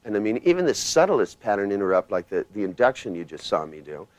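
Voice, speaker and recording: A man leading a live hypnosis workshop, blunt and commanding, swinging his pitch and loudness to demonstrate. He talks casually and swears now and then. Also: big pitch swings, fast talker, no room sound. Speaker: hypnosis trainer.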